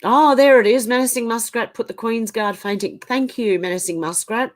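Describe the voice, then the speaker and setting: A woman's voice: on the high side, moderate pace. Australian woman reading live chat aloud. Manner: reads viewer comments aloud and reacts, chatty with fillers. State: getting over the flu, coughing. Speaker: live stream host.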